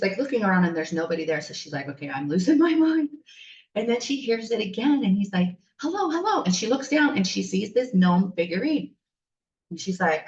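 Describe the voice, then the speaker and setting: A woman's voice: on the low side, a little hiss or hum. A woman spiritual coach telling stories in a casual, chatty and enthusiastic podcast style, rambling along as she goes. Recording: roomy, distant, dull sound.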